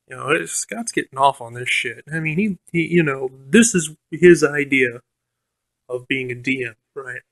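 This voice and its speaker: A man's voice: medium pitch, normal speed, fairly bright tone, no echo. Rambling, profane man telling a story. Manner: rambling, profane, many fillers and restarts; quotes the game master in a mocking voice. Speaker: storyteller recounting a tabletop game. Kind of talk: casual anecdote.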